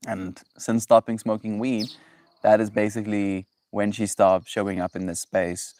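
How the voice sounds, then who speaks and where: A man's voice: lowish voice, little pitch movement, moderate pace, darkish tone, a little hiss or hum. A man hosting a daily livestream, chatting loosely with viewers and calling them bro. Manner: rambling, loose, talks to chat, says bro. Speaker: livestream host. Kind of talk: casual livestream chat.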